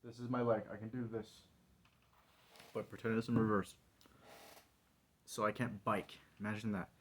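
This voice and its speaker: A man's voice: fairly low pitch, little pitch movement, normal speed. A man vlogging alone in a wry, rambling monologue full of fillers. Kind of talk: casual solo monologue.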